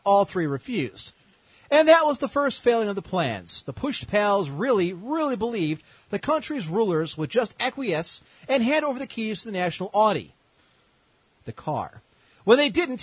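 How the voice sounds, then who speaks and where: Husky sarcastic male storyteller. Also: high-pitched, no room sound, rough recording. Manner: sarcastic, irreverent asides. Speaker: podcast host. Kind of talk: comedic history storytelling.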